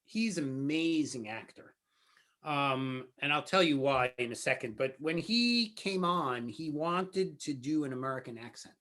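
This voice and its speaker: A man in his sixties, a film director and podcast guest, telling anecdotes in a relaxed way and acting out what people said. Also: on the high side, measured pace. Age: 60s. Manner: anecdotal, acts out quoted dialogue. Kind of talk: relaxed interview storytelling.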